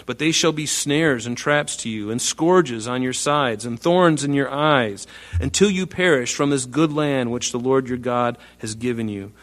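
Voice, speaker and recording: A man's voice: medium pitch, measured pace, a bit bright. A male pastor delivering a sermon, reading Bible verses aloud and explaining them with earnest emphasis. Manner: earnest, emphatic, reads scripture aloud with rising force.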